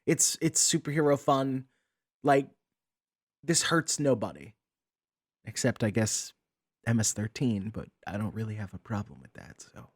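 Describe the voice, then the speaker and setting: A man's voice: medium pitch, measured pace, pauses often. A man hosting a commentary channel, ranting with exasperated sarcasm and often repeating words as he starts a sentence.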